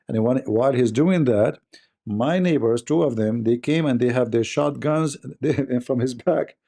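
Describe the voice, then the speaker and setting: A man's voice: medium pitch, a little slow, gravelly, warm tone. A man hosting a livestream, ranting and mocking with frequent laughter, in non-native English grammar. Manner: mocking, emphatic, laughs often while talking. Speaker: livestream host. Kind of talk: casual ranting commentary.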